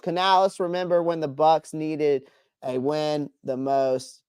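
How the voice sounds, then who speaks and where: A man's voice: on the high side, level tone, a little slow, a little mellow, clean tone, no room sound, clean studio sound. A man hosting a casual live stream, answering chat by name with strong opinions and frequent restarts.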